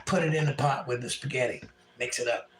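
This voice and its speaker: A man's voice: medium pitch, fast talker, a bit bright, a little hiss or hum, poor audio. A man from eastern North Carolina with a Southern accent, hosting a casual livestream at home and reading chat messages aloud in a folksy way.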